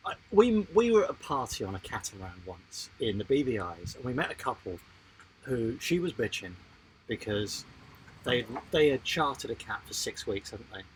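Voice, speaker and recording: A man co-hosting a casual live-stream chat about sailing, animated and jokey, reading out viewer comments. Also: medium pitch, moderate pace, slight background noise, rough recording. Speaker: sailing channel co-host.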